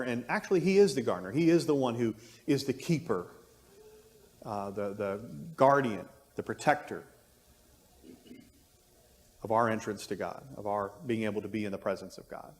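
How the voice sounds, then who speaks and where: The recording, made in a church classroom, has a long churchlike reverb. A man teaching adults about the Bible ponders aloud and keeps restarting as he reasons through his points, his medium-pitched voice expressive and at a normal speed.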